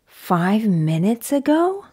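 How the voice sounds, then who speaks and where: A woman's voice: medium pitch, sing-song, slow, mellow, breathy edge, heavily acted. A woman voicing a cautious, worried male elephant who keeps asking puzzled questions, in a children's picture book read-aloud.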